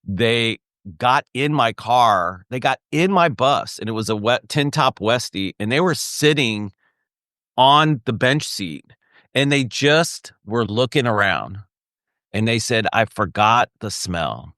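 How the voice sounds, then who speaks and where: A middle-aged man in casual podcast chat, telling animated stories and acting out the voices of other people. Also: mid-range voice, takes it slowly, dry recording, clean studio sound. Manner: animated storyteller acting out quoted dialogue. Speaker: podcast co-host or guest.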